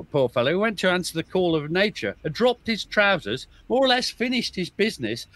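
This guest on a podcast is a man, an oral historian whose voice sits on the high side with a fairly bright tone. He tells soldiers' stories animatedly and with relish, often chuckling and restarting his sentences.

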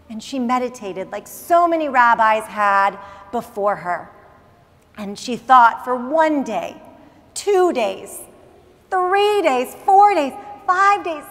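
A woman rabbi delivers a sermon as an expressive, dramatic story. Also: high voice. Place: synagogue sanctuary. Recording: long reverb in large hall.

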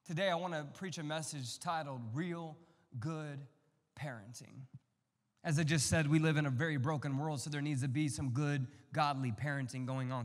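A man preaching a sermon as pastor, with animated, humorous storytelling and prayer. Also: a little high. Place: church sanctuary. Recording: music and a long hall echo.

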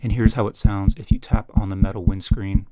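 Relaxed man testing a desk mic. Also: low voice, fairly quick, very noisy. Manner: plain and relaxed, explaining step by step. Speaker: tech reviewer. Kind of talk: casual mic test demonstration. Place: small home room, talking close to a desk mic. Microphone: USB condenser mic on a desk.

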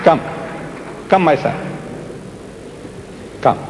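A man giving a public lecture and answering audience questions, emphatic and repetitive, coaxing his listeners. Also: extremely slow. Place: large lecture hall. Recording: echoey archive hall recording, faint hiss.

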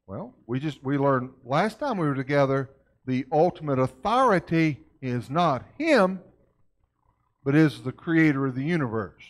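A man's voice: mid-range voice, lively intonation, measured pace. A man giving a conversational church lecture in a folksy way, constantly checking in with his listeners with questions. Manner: folksy, keeps asking the audience questions.

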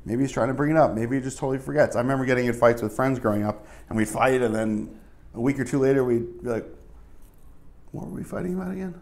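A man's voice: medium pitch, steady tone, quick pace, darkish tone. A male pastor giving a casual, conversational sermon, full of asides and fillers.

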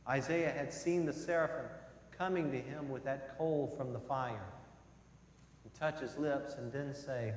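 A male pastor preaching a sermon, swinging between loud emphasis and soft, low passages. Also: a little slow, slight background noise. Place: church sanctuary. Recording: echoey church hall with long reverb.

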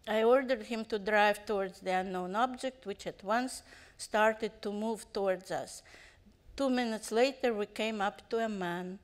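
Woman reading a story aloud, clear voice. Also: medium pitch, measured pace. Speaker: literary translator reading aloud. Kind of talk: reading prose aloud to an audience. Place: stage at a cultural center.

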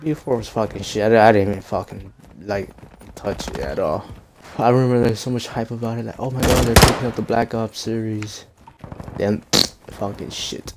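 A young man streams a shooter game, swearing constantly and trash-talking opponents in his profane commentary. His voice is lowish and fairly quick, the recording very noisy with loud gunfire from the game behind him.

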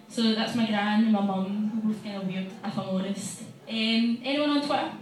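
A woman's voice: medium pitch, steady tone, moderate pace, few pauses, slight background noise. A young Glaswegian woman doing a stand-up set on a small bar stage, chatty, brash and sweary. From Scotland. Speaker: stand-up comedian. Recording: echoey live bar from a distance.

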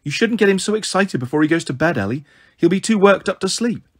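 A man's voice: sits high, lively intonation, fast, breathy edge, pitched above the performer's own voice. A man doing a reproachful middle-aged dad. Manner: reproachful, fatherly. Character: fussy middle-aged father, mildly reproachful.

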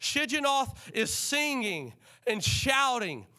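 A man preaching a sermon in a church, animated and calling on the congregation to respond. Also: extremely high pitch, takes it slowly. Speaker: pastor. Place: church sanctuary.

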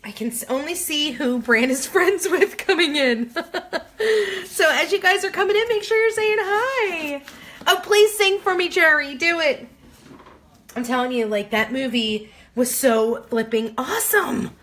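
Bubbly, bright-voiced woman chatting on a livestream. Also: sits high, expressive, a little slow. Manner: bubbly, chatty, greets viewers by name. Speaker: craft livestream host. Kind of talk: casual livestream chat while crafting.

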